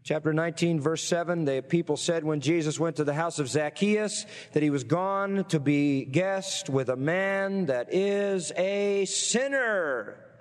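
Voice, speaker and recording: A man preaching a sermon, reading scripture aloud and pausing to quiz his listeners with rhetorical questions. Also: on the high side, big-room sound. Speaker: pastor.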